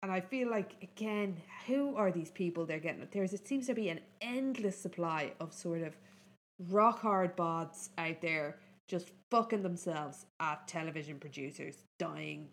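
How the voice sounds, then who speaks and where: A woman co-hosting a podcast, talking in a blunt, animated way and swearing freely. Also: deep voice, vocal fry. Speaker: podcast co-host. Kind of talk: casual chat.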